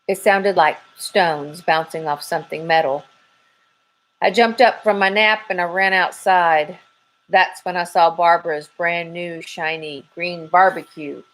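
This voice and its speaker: Low-voiced teacher reading a storybook. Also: female voice, a bit bright, rough recording. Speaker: 3rd grade teacher. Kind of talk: children's read-aloud.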